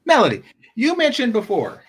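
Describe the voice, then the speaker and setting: A man's voice: extremely high pitch, wildly swooping pitch, normal speed, a bit bright, breathy edge. A man hosting a live-stream talk show, giving blunt, rambling commentary with many repeated words. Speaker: show host.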